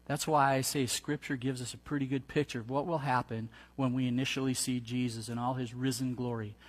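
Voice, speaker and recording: A man's voice: mid-range voice, flat delivery. Man preaching in a reverberant hall. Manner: earnest preaching, reads scripture aloud slowly. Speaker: pastor. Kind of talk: sermon.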